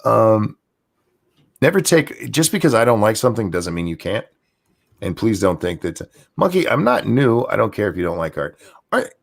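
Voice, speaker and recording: Tipsy male stream host, crude and rambling; deep, gravelly, very animated delivery. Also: normal speed. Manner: crude, rambling, teasing, drinking while talking. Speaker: show host. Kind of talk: casual late-night stream chat.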